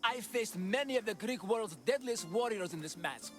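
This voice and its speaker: A man's voice: high voice, expressive, normal speed. An actor playing a bumbling, cheerful father in a Minotaur costume in a video game, with an eager, theatrical manner. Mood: proud. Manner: theatrical, eager, boastful roaring. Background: game music.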